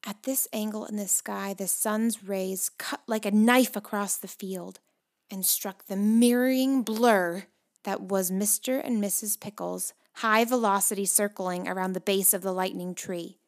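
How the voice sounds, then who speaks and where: A woman narrating a children's storybook, moving between hushed whispers and excited, louder passages. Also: mid-range voice, measured pace. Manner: expressive, shifts between hushed whispers and loud excited calls.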